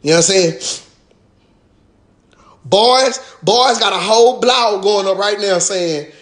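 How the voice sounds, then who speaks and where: A man with a drawl rants straight to his followers in a live-stream monologue. His voice sits noticeably high, and he goes at it in a profane, mocking way, dropping a sarcastic "sir" again and again. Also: takes it slowly, fairly bright tone. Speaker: rapper addressing his followers.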